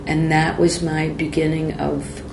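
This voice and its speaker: A woman's voice: deep voice, flat delivery, a little slow, vocal fry, noisy background. A woman in her forties, a podcast guest, telling a personal story with blunt, profane words and frequent self-interruptions. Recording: echoey room with faint ambience.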